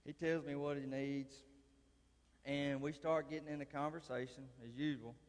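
A man's voice: a little high, fairly even intonation, normal speed. A man, preaching a folksy sermon with a conversational, drawling manner and dry humor. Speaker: lay preacher. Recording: long reverb of a large hall.

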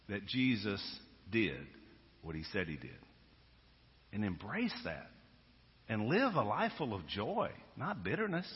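A male pastor preaching a sermon, moving from hushed storytelling to loud, emphatic exhortation. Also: lowish voice. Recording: dull sound with long hall reverb.

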